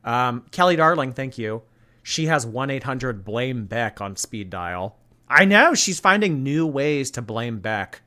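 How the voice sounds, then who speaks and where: A man's voice: medium pitch, a bit bright. A man hosting a live-stream commentary, blunt, sarcastic and profane as he reacts and thanks his chat.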